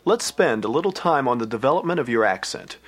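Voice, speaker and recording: A man reading scripted instructional narration in a clear, measured way. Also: mid-range voice, lively intonation.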